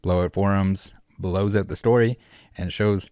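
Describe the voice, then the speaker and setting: Deep-voiced guy rambling through a vlog rant, lots of uhs, kinda sarcastic, dry close sound. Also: fairly even intonation, unhurried, darkish tone, clean tone, no echo. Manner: rambling and sarcastic, many filler words. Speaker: collectibles channel host. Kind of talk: casual commentary vlog.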